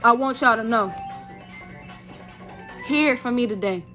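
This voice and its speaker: A woman's voice: on the high side, unhurried, pushed and bright, soft background music. A woman giving an impassioned personal testimony on her vlog, emphatic and preachy, calling out to "y'all". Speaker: vlogger.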